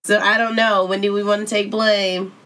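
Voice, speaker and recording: A woman co-hosting a casual podcast chat, blunt and dry, teasing with quick asides. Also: mid-range voice, flat delivery, a bit bright. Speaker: podcast co-host.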